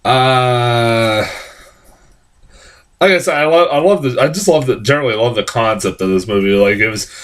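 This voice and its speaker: A man's voice: medium pitch, normal speed. A man giving a casual, rambling film review, swearing often and restarting his sentences, with sarcastic outbursts. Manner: rambling, profane, lots of restarts; animated, jumps into sarcastic reactions.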